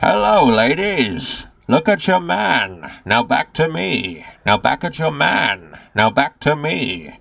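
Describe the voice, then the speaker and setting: A man doing a masked villain's voice with a gravelly, slow, theatrical delivery, played as a clip on a stream. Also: fairly high pitch, very animated, a bit bright, no room sound, exaggerated voice. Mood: smug.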